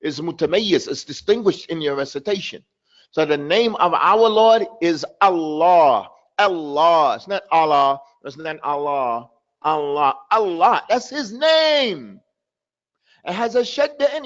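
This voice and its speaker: A man's voice: high voice, expressive, normal speed. Emphatic male language teacher, lo-fi audio. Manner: emphatic, repeats words to drill pronunciation. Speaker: Arabic teacher. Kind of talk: online language class.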